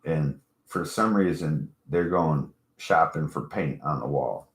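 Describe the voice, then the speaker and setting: Low-voiced man on a profane rant. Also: slow. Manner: rambling, profane and mocking. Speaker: vlogger.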